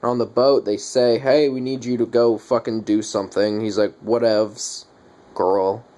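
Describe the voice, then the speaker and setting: A man's voice: mid-range voice, fairly even intonation, a little fast, mellow. Profane, exasperated young male movie ranter. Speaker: movie reviewer. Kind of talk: casual ranting movie review.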